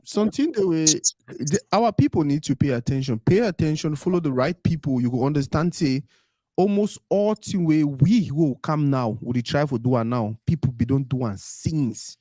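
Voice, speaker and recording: A man's voice: fairly high pitch, animated, moderate pace, dark tone, no room sound, studio quality. A man hosting a casual interview, easygoing, switching between Pidgin and English. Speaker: host.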